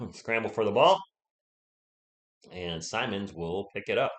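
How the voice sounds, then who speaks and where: A man's voice: fairly low pitch, lively intonation, slow pace. A man with a sore throat and a cough, hosting a casual live play-by-play stream and chatting with viewers between plays.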